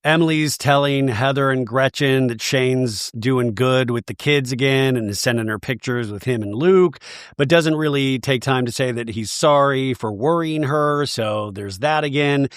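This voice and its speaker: A man's voice: mid-range voice, normal speed, clear, resonant tone, no echo, clean studio sound. A man hosting a comedic reality TV recap podcast, full of sarcastic, gossipy asides. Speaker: podcast host.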